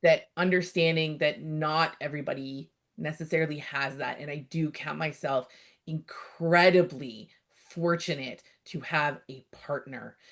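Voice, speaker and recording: A woman's voice: low-pitched, measured pace. A middle-aged woman from Canada in a casual interview, telling stories and acting out bits of dialogue. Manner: lively storyteller, acts out quoted dialogue. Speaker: outdoor educator, guest.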